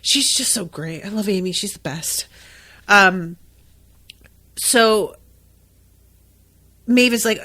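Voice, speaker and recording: A woman's voice: medium pitch, slow, long pauses, sharp tone. Woman podcaster crying a bit while she recaps a show, swears a lot, very emotional. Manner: emotional, swears freely, gets tearful. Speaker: podcast host. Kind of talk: casual episode recap.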